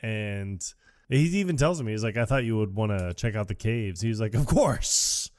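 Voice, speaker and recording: A man's voice: on the low side, normal speed, a little mellow, smooth. A man co-hosting a podcast, recapping a comedy film in casual chat and laughing as he acts out lines. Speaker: podcast co-host.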